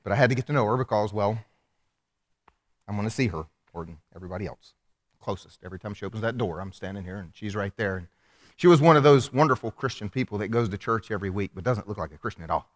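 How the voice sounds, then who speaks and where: A man preaching a sermon in a church, animated and humorous, acting out the voices of the people he quotes. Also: fairly low pitch, fast talker. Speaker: pastor. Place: church hall. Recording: long hall reverb.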